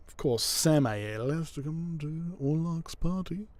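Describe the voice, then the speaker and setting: A man's voice: on the high side, lively intonation, unhurried, dry recording. A man giving casual gameplay commentary with chatty, wry asides. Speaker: gaming video creator.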